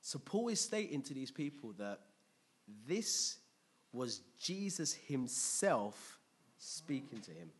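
A man preaching a sermon in a conversational, lively way, asking the congregation questions. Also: mid-range voice, takes it slowly, husky.

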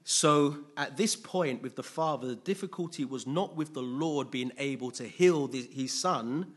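Man preaching to a congregation, husky and chatty, keeps asking if they follow. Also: medium pitch, a bit bright. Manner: conversational, often checks in with listeners. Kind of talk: conversational sermon.

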